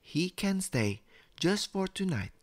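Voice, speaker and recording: A man voicing a gentle, kindly mother in a bedtime storybook, speaking softly and fondly. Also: sits high, sing-song, slow, voice pushed up, heavily acted.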